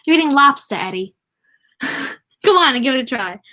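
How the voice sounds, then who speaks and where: A woman's voice: sits high, fairly quick, a bit bright, pitched above the performer's own voice. A woman voicing a pushy, indignant mother coaxing her son, in a put-on accent, in a storybook reading.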